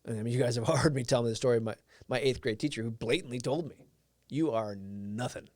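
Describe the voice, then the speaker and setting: A man's voice: mid-range voice, rapid-fire, darkish tone, no room sound, studio quality. A man whose first language is Portuguese, hosting a live stream and giving an earnest, reflective motivational talk while answering viewers' comments.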